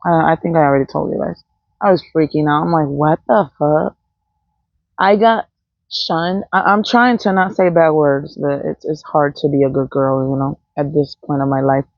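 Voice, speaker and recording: A woman vlogger with a low voice delivers a blunt, profane, rambling monologue off the cuff at a moderate pace. The recording is dry, dull and lo-fi.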